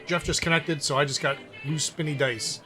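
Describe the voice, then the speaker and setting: A man narrating a tabletop game as game master in a relaxed, descriptive way. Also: a little high, moderate pace, over music.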